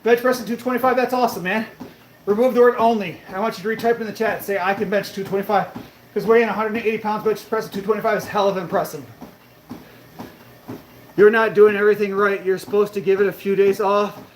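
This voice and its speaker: A man's voice: high-pitched, fairly even intonation, fast talker. A man chatting casually on a live stream, answering viewers' questions in a laid-back way, cursing freely and calling them bro and brother. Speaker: fitness streamer answering chat. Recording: echoey room with faint background noise.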